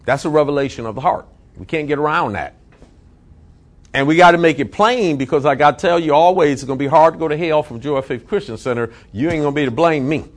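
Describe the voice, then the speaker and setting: Emphatic preacher man, high-pitched. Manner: emphatic, repeats phrases, stretches key words slowly. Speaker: pastor. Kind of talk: sermon.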